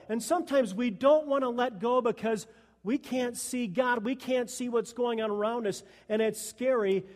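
A pastor preaching a sermon at a Sunday church service, earnest and emphatic. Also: male voice, very high-pitched, moderate pace, darkish tone. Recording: long echo of a church hall.

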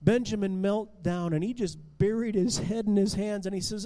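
A male storyteller with a high voice recounts a Bible story with lively drama, stumbling into restarts and rising and falling in loudness. His voice carries a long reverb. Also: normal speed, hardly any pauses. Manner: expressive, with restarts and swings in loudness.

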